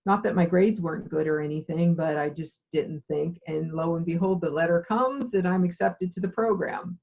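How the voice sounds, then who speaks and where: Middle-aged woman, low and husky, animated storyteller being interviewed. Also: normal speed, muffled recording. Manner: animated storyteller acting out dialogue. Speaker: occupational therapy program director.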